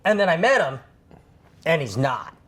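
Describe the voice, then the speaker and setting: A man's voice: fairly high pitch, sing-song, moderate pace, a bit bright, husky. A man, a guest in a casual chat, chiming in with agreeable short replies.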